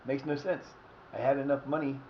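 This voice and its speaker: A man's voice: mid-range voice, flat delivery, a little fast, dull audio, a little hiss or hum. A man streaming a soccer management game, cursing and exasperated as he talks to himself. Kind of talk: live game commentary.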